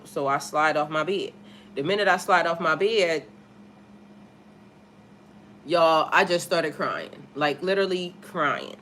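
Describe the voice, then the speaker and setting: A woman's voice: low-pitched, animated, slow pace, long pauses, fairly bright tone, slight background noise. A woman, a spiritual life coach, telling a personal story on a casual livestream in a candid, profane way and greeting viewers in the chat.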